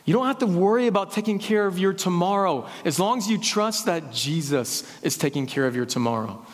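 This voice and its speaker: A man preaching a sermon as a pastor, with lively asides and jokes. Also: sits high, fairly quick. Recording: long hall reverb.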